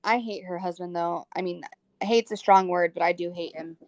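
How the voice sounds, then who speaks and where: A woman joining a live stream, telling a story in an animated, profane way. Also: fairly low pitch, normal speed, no room sound, rough recording. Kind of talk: casual live-stream chat.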